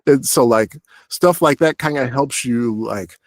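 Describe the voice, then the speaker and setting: A man's voice: mid-range voice, measured pace, dry recording, studio quality. A young adult man, a voice actor, talking casually in an interview, rambling with many fillers and acting out short quoted lines. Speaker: voice actor guest.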